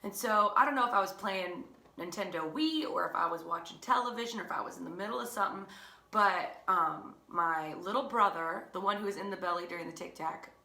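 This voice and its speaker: Young woman teacher telling a story, bright voice, echoey room, chatty and self-mocking. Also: mid-range voice, brisk. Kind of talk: casual storytelling.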